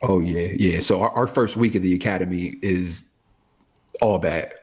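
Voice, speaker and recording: A man with a fairly low voice talking on a podcast. He is emphatic and quick to agree, and he hammers his points home by repeating them in casual, plain speech. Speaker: podcast co-host and police officer. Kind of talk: casual chat.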